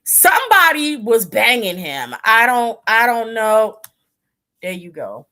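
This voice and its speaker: A woman hosts a casual chat in a bright, ringing voice that sits a little high. She talks loosely and breaks into loud laughing shouts. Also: sing-song, slow pace. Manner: chatty, bursts into laughing shouts. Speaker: host.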